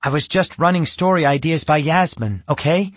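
A man voicing an anxious young boy in a storybook reading, talking earnestly and quickly. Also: on the high side, dry recording, voice pushed up, close to an everyday voice.

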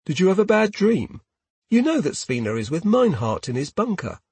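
A man voicing a gentle male soldier comrade who speaks in a quiet, soothing voice. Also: high-pitched, sing-song, moderate pace, slightly rough, no room sound, pitched above the performer's own voice, full character voice. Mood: gentle concern.

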